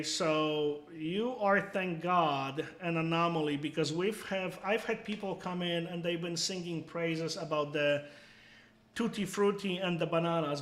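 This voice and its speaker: A man's voice: high-pitched, a bit bright, echoey room. A man hosting a casual live stream, answering viewers bluntly and emphatically, dropping "okay?" after his points and swearing freely.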